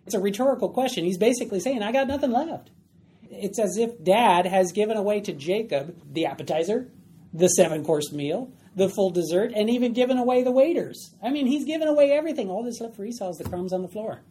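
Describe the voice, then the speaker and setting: A man's voice: high-pitched, expressive, fast, dark tone, a little hiss or hum. A man leading a Bible study, explaining verses plainly and now and then acting out the characters' lines. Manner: explains plainly, acts out voices.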